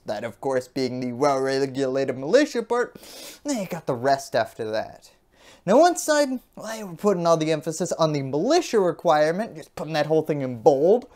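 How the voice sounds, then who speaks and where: A woman's voice: sits low, darkish tone. A woman hosting a scripted explainer, delivering it with sarcastic, wry asides. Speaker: host.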